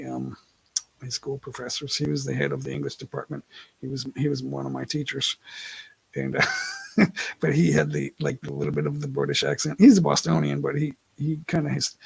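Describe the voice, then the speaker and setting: Gravelly-voiced man chatting on a livestream. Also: medium pitch, dry recording, low-quality recording. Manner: rambling, self-correcting, laughs often. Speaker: livestream host. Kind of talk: casual live-stream chat. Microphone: laptop mic.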